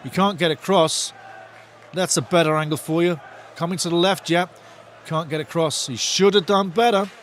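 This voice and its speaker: Excitable man hosting a football watch-along. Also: on the high side, normal speed, slight background noise. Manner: partisan, excitable, talks to chat viewers. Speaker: host of a live match watch-along.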